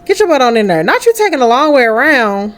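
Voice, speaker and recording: Young woman let's-player, animated casual talk, slightly high voice. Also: fast talker. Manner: chatty, talks to the game character, animated. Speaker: let's play host. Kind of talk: casual gameplay commentary.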